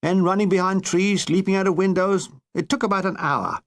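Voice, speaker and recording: Man, audiobook narrator, own memoir, dry, wry, fairly high voice. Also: brisk. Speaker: author narrating his memoir.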